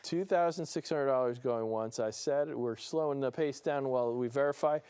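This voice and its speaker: A man's voice: mid-range voice, moderate pace, a little mellow, smooth. A man with a New Jersey accent hosts a live broadcast auction, calling bids in a playful, enthusiastic way and chuckling between calls. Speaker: auctioneer and show host. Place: studio room with a small audience.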